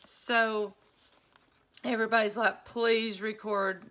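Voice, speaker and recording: A woman's voice: a little high, level tone, slow pace, fairly bright tone, clear, resonant tone. Chatty laughing middle-aged woman vlogger. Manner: chatty, laughing often, says y'all. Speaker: craft vlogger. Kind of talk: casual storytelling while crafting.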